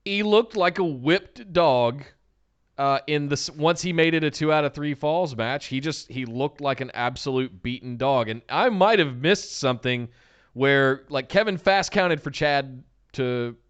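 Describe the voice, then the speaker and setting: A man's voice: medium pitch, animated, measured pace, clean tone, dull audio. A man co-hosting a casual podcast, reacting with short, exasperated, emphatic remarks. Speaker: podcast co-host. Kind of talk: casual wrestling podcast chat.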